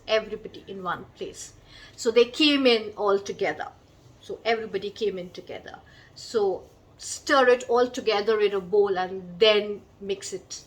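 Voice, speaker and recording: A woman with a fairly high voice teaches an English vocabulary lesson. She explains patiently and spells each word out letter by letter. She gives simple examples as she goes. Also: low-quality recording.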